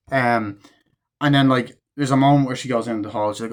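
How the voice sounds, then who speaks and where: Man of ordinary pitch for a loose, chatty spoken review that acts out quoted lines. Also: steady tone. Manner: rambling, full of fillers and casual swearing; acts out characters' lines in quick snippets. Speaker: movie reviewer.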